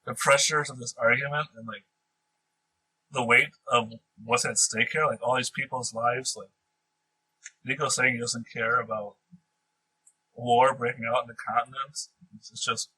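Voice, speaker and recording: A husky-voiced man describing his character in a tabletop game, with many fillers. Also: medium pitch, steady tone, normal speed, long pauses, sharp tone, rough recording. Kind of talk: casual tabletop game talk.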